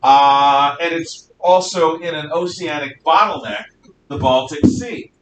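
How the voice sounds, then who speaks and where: A man with an unhurried, slightly bright voice rambles through a history lecture, filling it with fillers and repeatedly correcting himself. The sound is echoey, recorded from a distance with a faint rumble.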